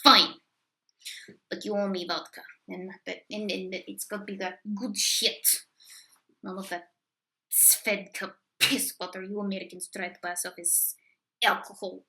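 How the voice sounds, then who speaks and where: A woman playing a gloomy, cruel Russian party official in a comedic sketch, with a deadpan, menacing manner and a put-on fake Russian accent. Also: medium pitch, unhurried, pauses often, low-quality recording. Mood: grumbling.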